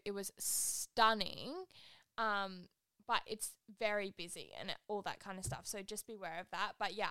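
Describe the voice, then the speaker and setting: A young woman hosts a solo podcast in a mid-range voice that sounds pushed and bright. She chats and rambles casually, saying "like" constantly. Her tone is clean, with no room sound.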